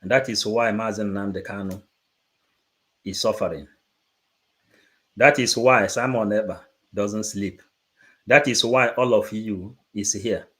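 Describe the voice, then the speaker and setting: A man's voice: lowish voice, fairly even intonation, unhurried, pauses often, fairly bright tone. A man preaching to supporters, emphatic and repetitive, moving between English and Igbo. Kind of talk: impassioned preaching.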